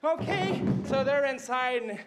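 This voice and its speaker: A rambling, mixed-up storyteller, played by a man with a high voice who talks slowly and drags out his words. He is excitable and keeps checking in with his young listeners. It plays as a comic children's Bible skit. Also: heavy background noise. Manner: rambling, excitable, fills with "right?" and "okay?". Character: rambling, mixed-up male storyteller retelling Bible stories to kids.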